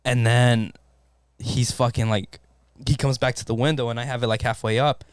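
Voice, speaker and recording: A man in a casual podcast chat, telling a story in an animated way and swearing constantly. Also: mid-range voice, normal speed, clear, resonant tone, no echo. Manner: animated, swears constantly, acts out his own panic. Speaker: podcast co-host.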